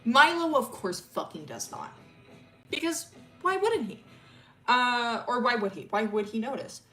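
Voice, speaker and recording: A woman's voice: fairly high pitch, sing-song, unhurried, fairly bright tone. A woman streamer casually telling a story about her original characters, rambling with lots of fillers, swearing freely and laughing often. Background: faint music.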